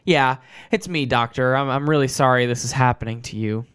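A man doing a soft-spoken, apologetic young man. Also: medium pitch, a little fast, clear, resonant tone, no room sound, clean studio sound, close to an everyday voice. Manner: soft, hesitant, stammering apologies.

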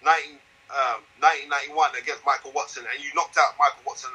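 Animated man, bright voice. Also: fairly high pitch, quick pace, slightly rough, poor audio. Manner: animated, emphatic storyteller. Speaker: boxing analyst guest. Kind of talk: casual interview chat.

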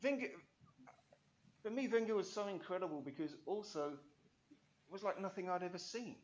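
A man's voice: high-pitched, lively intonation, moderate pace. A man, an interview guest telling rambling, enthusiastic stories full of restarts and asides. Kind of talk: animated storytelling interview.

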